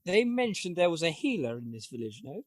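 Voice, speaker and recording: Man, tabletop player, slightly higher voice, dry recording, formal phrasing. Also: sing-song, fairly quick, dry recording. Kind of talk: tabletop game play.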